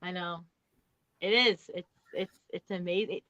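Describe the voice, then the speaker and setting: A woman joins as a guest in a casual chat. She talks in a relaxed way and often trails off. Her remote audio sounds dry and a little muffled. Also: lowish voice, unhurried, no room sound. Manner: relaxed, laughs easily, trails off.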